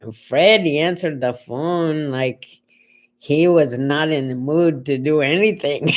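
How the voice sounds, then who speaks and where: A woman's voice: sits low, slow. An older woman hosting a casual morning chat show, telling stories in a chatty way and quoting people as she goes. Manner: chatty storytelling, quotes others in conversation. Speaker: host.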